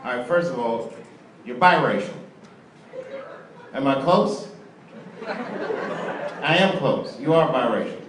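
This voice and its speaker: A man's voice: medium pitch, lively intonation, slow, long pauses, distant mic, background noise. A male stand-up comedian doing profane, teasing crowd work on a comedy club stage. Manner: profane, bantering, teasing audience members. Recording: echoey live club recording, loud crowd.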